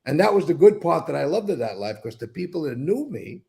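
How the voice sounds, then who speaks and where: Gravelly older New man, blunt. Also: on the high side, sing-song, a little fast, dark tone. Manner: rambling, blunt, swears freely. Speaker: interview guest. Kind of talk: casual storytelling interview.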